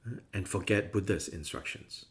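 A man's voice: low-pitched, moderate pace. A man teaching a Buddhist class in a conversational way, often acting out the views he discusses with playful voices. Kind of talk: dharma class lecture.

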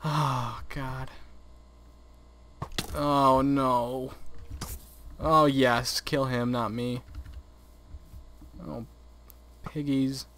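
A man's voice: mid-range voice, fairly even intonation, very slow, long pauses, a bit bright, slight background noise. A young man narrating his gameplay into a desk microphone, exasperated and profane, often swearing and laughing at what happens. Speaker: gaming video host. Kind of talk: let's play commentary. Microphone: desk microphone, close.

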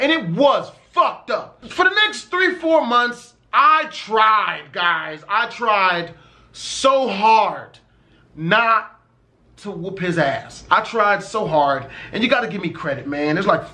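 High, bright-voiced young man, swearing. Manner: profane, emphatic, swears constantly. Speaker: vlogger telling a personal story. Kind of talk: casual story time.

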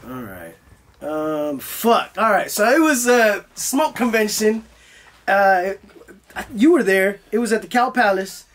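A man's voice: sits high, animated, unhurried, fairly bright tone. A young man telling a story in a loose, profane style, acting out his own voice as he goes. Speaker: guest. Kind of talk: casual storytelling.

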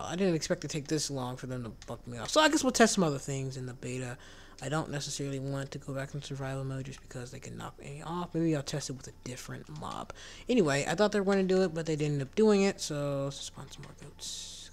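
Commentating casually on gameplay, this man, a gaming channel host, is excitable, swinging from squeaky surprised outbursts to whispered asides. His voice cracks whenever it climbs high.

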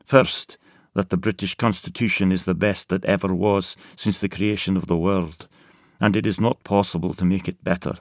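A man reading the lines of a blunt, harsh old male judge in a gruff, declaiming manner. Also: sits low, steady tone, normal speed, no room sound, studio quality. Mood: stern.

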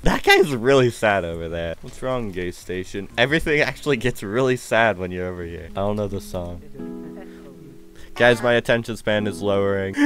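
A young man streaming a game, talking in a casual, playful way while sounding a little tired. His voice swings wildly from squeaky highs down to low mutters, full of gasps and laughter. Faint music plays behind him. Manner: excitable, playful, frequent gasps and laughs, jumps between loud squeals and mumbling. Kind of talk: casual live game commentary.

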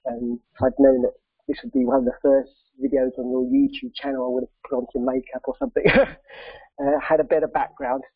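A man in his thirties or forties with a croaky voice from a cold, giving a hesitant online presentation full of ums and uhs. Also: medium pitch, fairly quick, no room sound. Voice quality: croaky, gravelly. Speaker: charity president giving a talk. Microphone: video call. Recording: tinny dry phone-like call audio.

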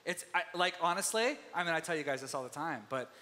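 High-voiced animated preacher in a reverberant hall. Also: male voice, quick pace. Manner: animated, acts out biblical voices. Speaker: pastor. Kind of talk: sermon. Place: church sanctuary.

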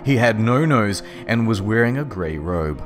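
A man giving a deadpan, mock-serious comedic reading as narrator. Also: on the low side, moderate pace, loud music behind the voice.

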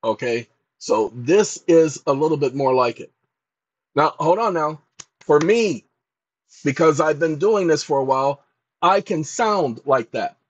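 A man's voice: a little high, animated, unhurried, no room sound, highs cut off. A man walking viewers through a casual screen-share tutorial, dictating prompts aloud in an emphatic, scolding way. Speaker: channel host.

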